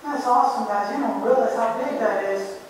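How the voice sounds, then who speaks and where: A woman preaches a lively sermon, her voice pitched high and full of exclamation. She calls out to her listeners again and again. She sounds far from the mic in a large church, with a long echo trailing each phrase. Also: brisk, a little hiss or hum. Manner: animated, exclaiming, calls to the congregation. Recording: echoey church hall from far off. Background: congregation answering amen.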